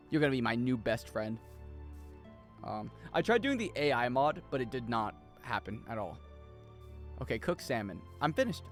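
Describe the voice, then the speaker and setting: A young man giving casual, jokey commentary as he plays a video game, swearing and breaking into loud high-pitched yells. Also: animated, a little fast, soft background music. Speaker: streamer.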